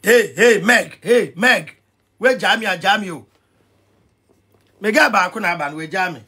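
A Ghanaian man ranting in an animated vlog commentary, excitable and mixing pidgin with Twi. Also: high-pitched, measured pace, husky. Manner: excitable, switching between pidgin and Twi, shouting and laughing. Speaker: vlogger.

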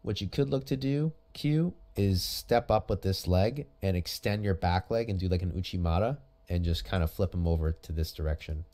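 A man's voice: low-pitched, moderate pace, hardly any pauses. A man commenting on jiu-jitsu rounds as a coach, casual and chatty, giving pointers and praise. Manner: animated, coaching, chatty asides.

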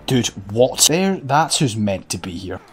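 A man's voice: medium pitch, very animated, a little slow, fairly bright tone, soft background music. A man giving sarcastic, sweary let's-play commentary over a video game. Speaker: gaming commentator.

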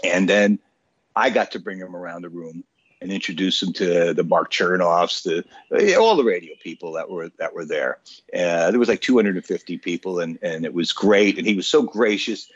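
A man's voice: low-pitched, moderate pace, slightly rough, dry recording. Older guy telling a story on a radio show, lots of uhs and you knows, muffled dry sound. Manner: animated storyteller with frequent fillers. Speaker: guest, author. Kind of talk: casual anecdote telling.

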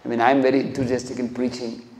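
At a temple hall lecture, a man with a mid-range voice speaks rapid-fire in a flat, darkish tone, and the hall is echoey. His devotional talk is earnest, and as he tells stories he acts out quoted dialogue with rising emotion.

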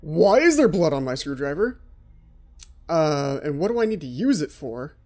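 A man's voice: fairly high pitch, big pitch swings, normal speed, darkish tone. A man hosting a let's play, giving jittery, frightened commentary on a horror game and talking to himself.

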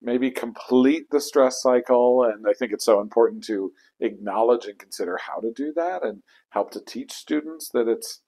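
A man's voice: moderate pace, few pauses, mellow, faint music behind, poor audio. Reflective man, choral conductor. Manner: thoughtful, acts out inner voices with sudden high exclamations. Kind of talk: reflective interview talk. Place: church.

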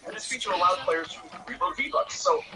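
A man's voice: sits high, wildly swooping pitch, fairly quick, a crowd in the background. A man giving chatty, opinionated scripted narration for a gaming video. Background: loud background music.

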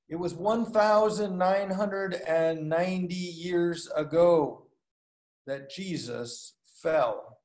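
A man preaching a sermon as a pastor, telling a story with halting pauses and fillers, lifting his voice for the dialogue. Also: a little high, a little mellow, reverberant. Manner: storytelling, acts out dialogue with lifted voice; halting, many fillers and restarts. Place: recorded for a video call.

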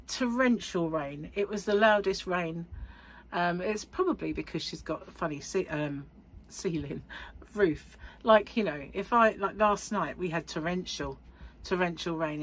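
A middle-aged British woman who vlogs about crochet chats casually to the camera, rambling and laughing often. Her voice is fairly low, and the recording has a little hiss or hum.

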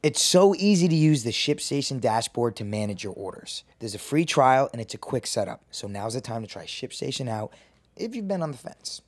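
A man's voice: mid-range voice, big pitch swings, fairly quick. A man, the podcast host, reading a sponsor spot in a casual, upbeat way. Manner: brief affirming responses, upbeat ad read. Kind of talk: casual interview and ad read.

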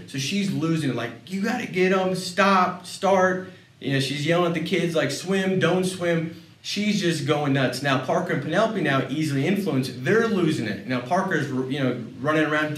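A man giving a motivational sales talk, telling personal stories in a lively way and often repeating words as he goes. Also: medium pitch. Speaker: sales leader speaking on a panel. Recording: roomy sound, mic at a distance.

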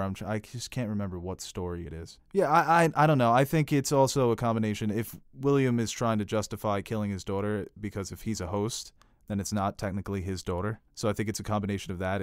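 Man hosting a lively TV chat. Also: on the low side, clean tone, no echo, studio quality. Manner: animated, acts out quotes. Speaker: podcast host. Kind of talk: casual TV discussion.

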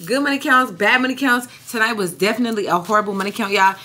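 A woman's voice: fairly high pitch, fast talker. Chatty young woman vlogging to her phone. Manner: chatty, animated, says "y'all" constantly. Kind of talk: casual vlog chat to camera. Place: indoors, room with loud air conditioner. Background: air conditioner hum.

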